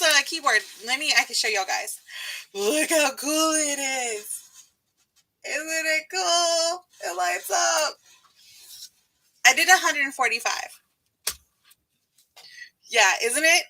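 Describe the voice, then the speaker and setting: A woman's voice: sits high, pushed and bright, rough recording. A woman with a light Southern US accent hosting a casual writing live stream, bubbly and laughing often.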